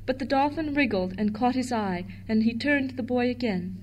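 A woman reading a children's storybook aloud with gentle, expressive narration. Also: on the high side, normal speed, a little hiss or hum. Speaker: audiobook narrator.

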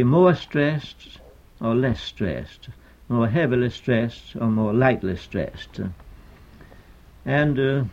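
An older man, a poet, lecturing on meter in a hesitant, deliberate way with many pauses and fillers, on a dull lo-fi archival recording. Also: mid-range voice, darkish tone.

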